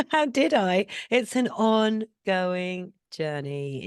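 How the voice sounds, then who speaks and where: British woman guest, talks real slow, gentle, giggly. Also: lowish voice, smooth, no room sound, clean studio sound. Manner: laughing easily, gentle and unhurried. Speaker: singer and voice coach, guest. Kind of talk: casual interview chat.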